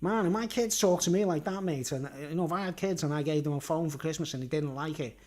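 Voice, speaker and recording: A man's voice: on the high side, fast talker, darkish tone. A man, rambling through a monologue and constantly tacking on "right?" and "you know what I mean?", blunt and sweary, with chuckles. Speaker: vlogger.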